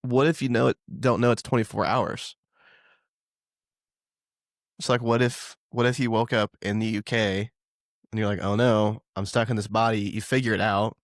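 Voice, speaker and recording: A man's voice: fairly low pitch, steady tone, moderate pace, long pauses, dry recording, studio quality. A man from Ohio co-hosting a podcast, chatting casually and joking with frequent laughs. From Ohio, USA. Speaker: podcast co-host. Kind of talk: casual chat.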